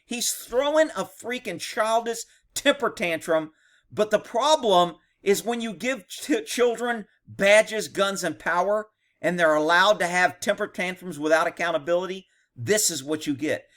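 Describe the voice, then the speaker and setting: A man's voice: sits high, bright, forceful tone. A man, a former police officer, giving blunt, profane, indignant commentary on a video. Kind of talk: reaction commentary.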